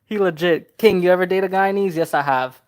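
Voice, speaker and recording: A man's voice: high voice, fairly quick, smooth. Chatty Trinidad-born man answering viewers. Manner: chatty and easygoing, reads viewer questions aloud, laughs often. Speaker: car customizing channel host. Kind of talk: casual livestream chat answering viewer comments.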